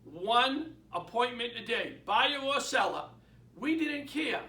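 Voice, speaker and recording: High-voiced Boston man, emphatic sales talk. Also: expressive, slow pace, sharp tone, recorded from a distance. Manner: emphatic, storytelling, repeats key points. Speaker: real estate mentor and sales speaker. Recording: echoey room, away from the mic.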